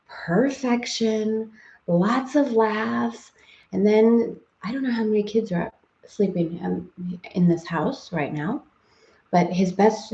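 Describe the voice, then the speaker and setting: A woman in her forties talks in an effusive, chatty way on a live stream, greeting viewers by name and laughing between her stories. Her voice has a middle pitch. The sound carries a roomy echo and is a little dull. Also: vocal fry, mellow. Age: 40s. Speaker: host of a live spiritual study stream.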